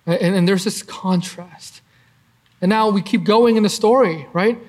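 A man's voice: high-pitched, a little slow. A man preaching and teaching through a Bible passage in a conversational way, with frequent fillers and tag questions like "right?".

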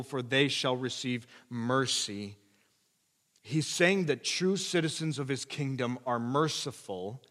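A man preaching a sermon, moving from hushed asides to loud, emphatic passages. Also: mid-range voice, long reverb tail. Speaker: pastor.

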